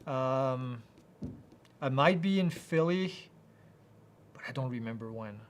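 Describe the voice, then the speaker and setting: A man hosting a live Q&A, reading out viewer questions and answering them in a casual, halting way with many fillers. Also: mid-range voice, animated, slight background noise. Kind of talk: live Q&A chat.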